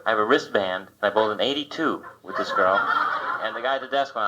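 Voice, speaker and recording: A man's voice: fairly low pitch, fast. A male comedian doing a self-deprecating stand-up set, chatting with the crowd on a comedy club stage. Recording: dull, noisy live club tape.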